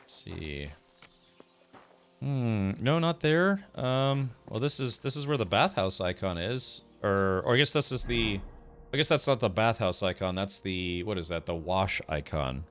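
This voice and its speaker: Male streamer, low lively voice, casual gameplay chatter, faint game music under it. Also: measured pace. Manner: chatty, thinks aloud, answers chat.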